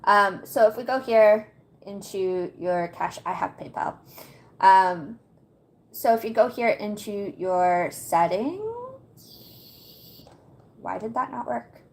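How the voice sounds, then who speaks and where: A woman's voice: mid-range voice, slow, long pauses. A chatty woman hosts a casual livestream from home. She guides her viewers through a website step by step, laughing often and reacting to her chat as she goes. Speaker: livestream host.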